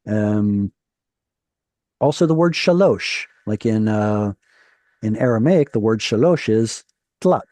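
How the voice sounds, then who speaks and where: Male Hebrew tutor on a video call, patient explainer, mellow tone, dry sound. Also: lowish voice, lively intonation, slow pace, pauses often, no echo. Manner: patient, explanatory, corrects pronunciation gently. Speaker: Hebrew teacher. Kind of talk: live online Hebrew reading class.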